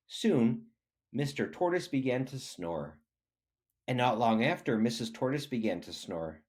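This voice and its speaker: A man reading a children's picture book aloud, expressive and animated. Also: mid-range voice, measured pace. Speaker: reader.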